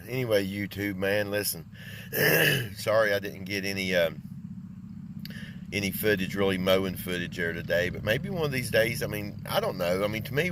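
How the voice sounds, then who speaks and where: A man's voice: sits low, fairly bright tone, a little hiss or hum. An older man who runs a small engine repair and lawn care business, chatting casually and rambling in a folksy way. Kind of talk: casual vlog chat.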